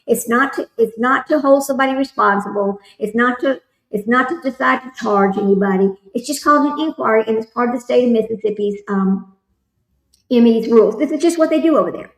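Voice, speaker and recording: A woman's voice: on the high side, brisk. Chatty woman in an echoey room. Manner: rambling, chatty, reads chat comments aloud. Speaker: livestream host commenting on a trial. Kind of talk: casual chat with live chat readers.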